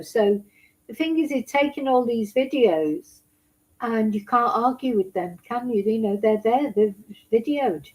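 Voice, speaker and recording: A woman's voice: a little high, animated, a little slow, darkish tone, rough recording. A woman giving blunt, indignant casual commentary on a trial report, swearing now and then. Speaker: true crime commentator.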